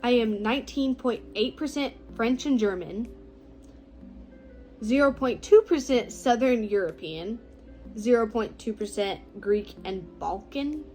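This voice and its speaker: A teenage girl talking casually to the camera, slow and reflective, her phrases often trailing off softly. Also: on the high side, soft background music, poor audio. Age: teens. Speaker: vlogger. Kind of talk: casual personal talk to camera.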